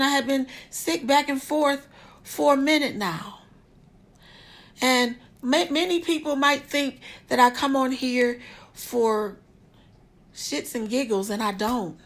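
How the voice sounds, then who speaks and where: A woman with a bright, high voice speaks from a hospital room into a phone camera. She gives a heartfelt faith testimony and preaches straight to her viewers with an earnest, direct manner. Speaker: vlogger sharing a health update.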